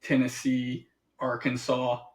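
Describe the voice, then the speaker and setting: A man co-hosting a podcast in casual chat, animated, acting out what other people say and laughing often. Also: medium pitch, takes it slowly. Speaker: podcast co-host.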